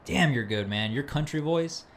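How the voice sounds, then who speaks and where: Animated young man telling a story. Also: a little high, normal speed, a little hiss or hum. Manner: animated storyteller, says bro and dude often. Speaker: podcast host. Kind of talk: casual chat.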